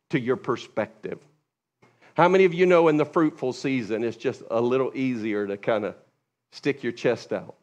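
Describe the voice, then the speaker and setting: A male pastor delivering a sermon in an animated, conversational way. He leaps up in pitch when acting out quoted speakers and sinks to a low, quiet tone for asides. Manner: animated, acts out quoted voices with big pitch jumps; drops to a hushed, low voice for asides.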